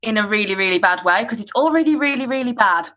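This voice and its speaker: A woman's voice: mid-range voice, animated, fast talker, sharp tone, rough recording. A woman comedian giving an earnest, angry topical rant in long run-on sentences over a video call. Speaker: comedian on a panel.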